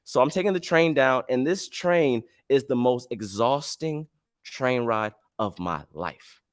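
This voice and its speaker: Male podcast host, animated storyteller, mid-pitched voice, dry close sound. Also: unhurried, dry recording. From United States. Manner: animated, casual slang, acts out dialogue.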